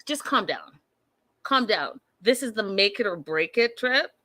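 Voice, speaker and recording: A woman's voice: medium pitch, measured pace. A woman in her thirties hosting a casual show recap, blunt and opinionated, talking straight to her listeners. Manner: animated, blunt and opinionated, addresses listeners as y'all. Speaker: podcast host recapping a reality show.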